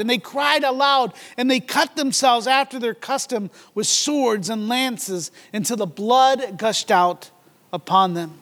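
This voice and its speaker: A man's voice: very high voice, unhurried, fairly bright tone, in a large hall. A man preaching a sermon, reading scripture aloud dramatically and acting out mocking voices. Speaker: pastor.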